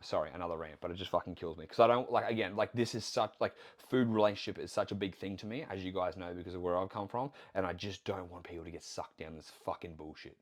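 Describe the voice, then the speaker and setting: A man hosting his own podcast, talking casually into the mic as a nutrition coach. He rants bluntly and swears freely. His voice sits fairly low. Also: fast talker, few pauses. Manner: blunt, heavily profane, animated ranting.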